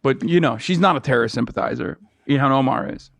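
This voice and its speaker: A man's voice: mid-range voice, fast, creaky, dry recording. A man co-hosting a casual podcast, reading stories aloud and joking. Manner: reads news aloud, laughing and joking. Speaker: podcast co-host. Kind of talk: casual comedic podcast chat.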